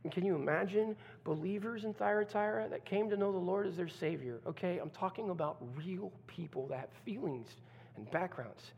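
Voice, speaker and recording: A man's voice: high-pitched, normal speed, gravelly, slightly rough, dull audio. Dramatic male pastor in a reverberant hall. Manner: dramatic, acts out quoted voices, swings from loud to hushed. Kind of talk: sermon. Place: church sanctuary.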